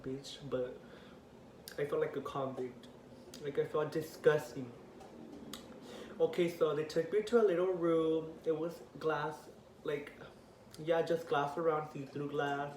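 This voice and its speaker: A teenage young man with a slightly high voice recounts a story for his vlog, animated and profane. He acts out each quoted line with heat. The room rings around him, and a faint hiss sits under the voice. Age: teens. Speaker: vlogger. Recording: echoey room, voice a bit off-mic, faint hiss.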